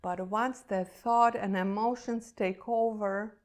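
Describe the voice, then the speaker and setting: A woman's voice: mid-range voice, fairly even intonation, slow pace. A woman who teaches meditation, telling a personal story in an earnest, emotional and reflective way.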